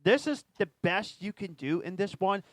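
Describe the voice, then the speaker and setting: A man co-hosting a casual movie review podcast, excitable and often repeating words as he hunts for what to say. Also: high voice, normal speed, no echo. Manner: excitable, repeats words while finding them. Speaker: podcast co-host.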